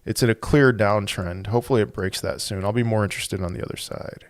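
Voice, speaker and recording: A man's voice: lowish voice, quick pace, hardly any pauses, no room sound, clean studio sound. A man hosting a crypto livestream, chatting casually, thinking aloud and answering viewer comments with frequent restarts.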